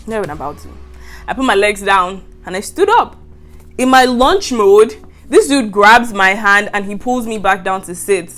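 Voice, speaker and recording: A young woman with a Nigerian English accent tells a campus story straight to her viewers. Her voice sits at an ordinary mid pitch. She is animated and quick to laugh. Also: soft background music. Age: young adult. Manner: animated, laughs often while telling. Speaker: university student vlogger. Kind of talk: storytime vlog.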